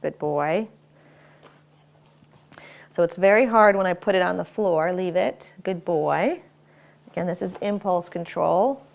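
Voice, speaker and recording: A woman dog trainer demonstrating at home, giving short firm commands and quick praise while explaining each step. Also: lowish voice, vocal fry. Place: home, indoors.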